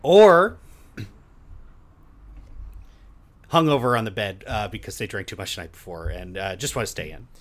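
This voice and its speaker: A man's voice: sits low, normal speed, pauses often. A man hosting a casual podcast guessing game, teasing and laughing as he tells stories. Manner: animated, teasing, laughs while telling stories. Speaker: host.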